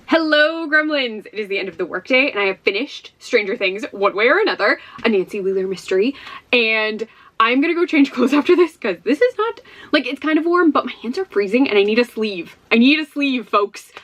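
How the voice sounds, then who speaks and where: A woman's voice: a little high, animated, a little fast, a bit bright. Bubbly, chatty woman book vlogger. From Ohio, USA. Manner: chatty and bubbly, laughs often. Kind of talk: casual chat to camera.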